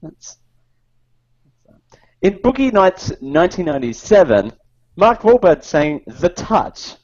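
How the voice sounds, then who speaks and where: A man's voice: high voice, slow, no echo, lo-fi sound. A man co-hosting a casual podcast, reading movie trivia with jokes and laughs. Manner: jokey, laughs often, animated reading. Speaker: podcast co-host.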